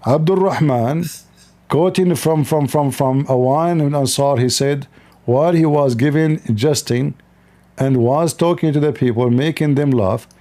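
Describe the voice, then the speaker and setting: A man's voice: fairly high pitch, unhurried, warm tone. A man hosting an online debate call, mocking and interrupting his guest and often repeating his words. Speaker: debate host.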